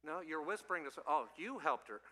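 A male pastor giving an animated, playful sermon to children and youth, quizzing the audience as he goes. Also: fairly high pitch, fast talker, in a large hall. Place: church.

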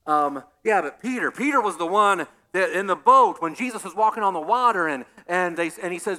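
A male pastor preaching a sermon in an animated way, acting out scenes with humor. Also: high voice, quick pace, few pauses.

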